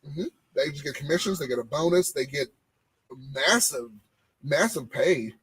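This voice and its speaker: A man, co-hosting a casual podcast and telling animated stories about his old job. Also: fairly high pitch, normal speed, rough recording. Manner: animated storytelling, repeating phrases. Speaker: podcast co-host. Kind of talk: casual chat.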